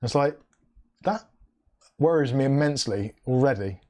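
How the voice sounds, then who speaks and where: A man's voice: medium pitch, animated, moderate pace, a little mellow. Chatty male livestream host. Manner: chatty, hums "da da da" between comments; reads viewer comments aloud, then reacts with dry asides. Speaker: livestream host reading viewer chat. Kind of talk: casual live-stream chat.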